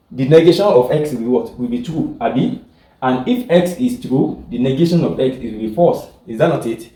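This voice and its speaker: Lecturing to a class in a mellow, mid-range voice, this man keeps making sure his students understand and restates what he's said. The mic sits far away in a room with echo.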